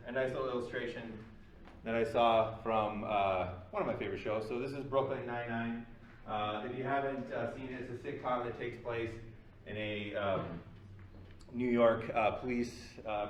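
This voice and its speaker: A man's voice: medium pitch, normal speed, slight background noise. A man giving a recorded psychology lecture, explaining loosely with many fillers. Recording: very echoey room, mic at a distance.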